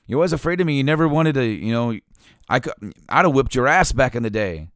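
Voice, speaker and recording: A man voicing a gruff old male ex-wrestler who taunts an old friend on the phone. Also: mid-range voice, animated, quick pace, a bit bright, no echo, studio quality, pitched above the performer's own voice, natural voice. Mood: taunting. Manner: taunting, boastful.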